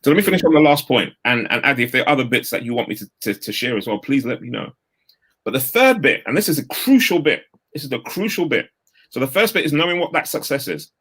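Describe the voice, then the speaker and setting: A man, giving an energetic, straight-talking motivational talk over a video call. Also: mid-range voice, quick pace, slightly rough. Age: 50s. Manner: energetic, straight-talking, uses London street slang. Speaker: guest speaker.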